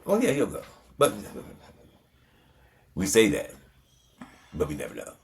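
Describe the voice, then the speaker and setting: A laid-back man co-hosts a casual chat in a very deep voice. His pitch rises and falls a lot, and he talks in a humorous, reassuring way. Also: huge pitch swings, measured pace, gravelly. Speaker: podcast co-host.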